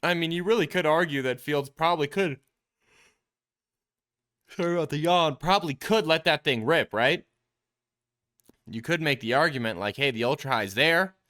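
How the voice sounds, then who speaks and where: A man's voice: on the high side, normal speed, sharp tone. A man hosting a quarterback show, casually breaking down football film in a coach-like way, explaining each play step by step and calling his viewers the team. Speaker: quarterback trainer and show host.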